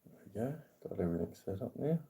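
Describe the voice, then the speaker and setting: An Australian man hosting a casual livestream, chatting and reading chat aloud. He greets viewers in a raised, higher voice. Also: expressive, fast, creaky, dark tone. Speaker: livestream host.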